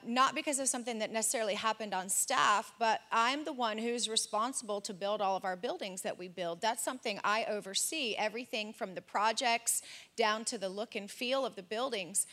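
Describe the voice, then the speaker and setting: A woman candidly sharing a personal story in a group discussion, in a lively anecdotal way. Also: a little high.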